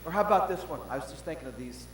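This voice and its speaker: An older male pastor preaching a sermon, telling stories with animated swings from shouts to hushed tones, recorded in a large pavilion. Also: fairly high pitch, very fast. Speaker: senior pastor. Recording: roomy hall with long reverb and faint hum.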